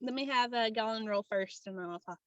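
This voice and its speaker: A woman's voice: a little high, a little fast, a bit bright, no room sound, dull audio. A woman running a tabletop game as game master, talking casually.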